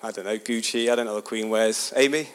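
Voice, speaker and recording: Animated man telling a story. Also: fairly low pitch, quick pace, a little hiss or hum. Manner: animated, chatty, asks the audience questions. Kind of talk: sermon-style storytelling talk.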